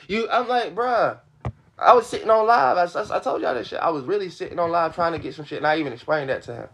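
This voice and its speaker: A man's voice: on the high side, fast, vocal fry, a bit bright. A young man venting to his livestream audience in a heated, profane rush, repeating his points. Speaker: livestream host. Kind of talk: venting to a live stream audience.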